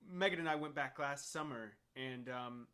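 A young American man co-hosting a podcast, telling stories in a lively, laughing way. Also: medium pitch, normal speed, smooth. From United States. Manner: animated storyteller, laughs often. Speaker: podcast co-host. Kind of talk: casual chat.

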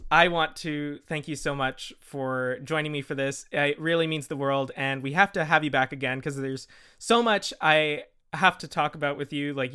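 Guy hosting a game podcast, bright voice, rambly, laughs a lot. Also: a little high, smooth. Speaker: podcast host. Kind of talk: casual chat.

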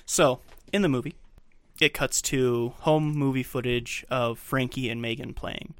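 A man's voice: mid-range voice, fairly even intonation, a little slow, fairly bright tone, dry recording. A man co-hosting a casual podcast, walking through a film scene by scene and dropping behind-the-scenes fun facts. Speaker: podcast co-host.

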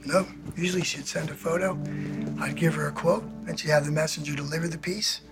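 A man plays a shady collectibles dealer in a film scene. He speaks quietly and matter-of-factly in a slightly higher voice. Music runs clearly underneath. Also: steady tone, brisk, close to an everyday voice. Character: shady middle-aged male collectibles dealer. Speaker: film character. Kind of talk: film drama dialogue.

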